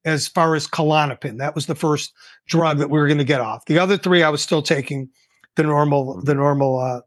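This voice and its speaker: A man's voice: fairly high pitch, a little fast, no echo. An older man, a guest entrepreneur, telling a personal story in a casual interview and acting out the dialogue. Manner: animated, acts out quoted dialogue.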